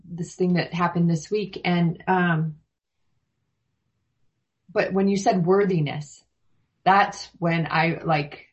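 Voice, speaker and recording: A woman's voice: lowish voice, fairly even intonation, slow pace, long pauses. A woman thanking a meditation leader, rambling with many restarts as she is moved. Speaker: meditation group participant. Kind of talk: emotional casual feedback. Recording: dull lo-fi audio.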